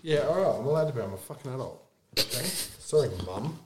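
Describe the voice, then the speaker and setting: A man's voice: mid-range voice, animated, fairly quick, husky. A man co-hosting a podcast, chatting casually in crude, swearing banter and laughing often. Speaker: podcast co-host. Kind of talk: casual chat.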